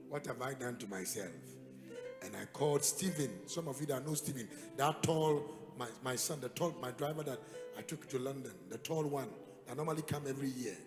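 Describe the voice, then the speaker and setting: A man with a Ghanaian accent preaching a sermon, telling a story dramatically and building to loud, emphatic peaks. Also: on the high side. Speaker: pastor. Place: church hall. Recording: echoey hall with music behind.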